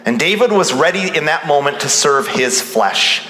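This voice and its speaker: A man delivers a lively sermon, slipping into the voices of the people he quotes. His voice is bright and slightly raised, and the room answers with a big, roomy echo. It sounds like a church sanctuary recording. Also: a little high, moderate pace, slight background noise. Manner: animated preaching, acting out quoted voices. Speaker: pastor. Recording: roomy hall reverb.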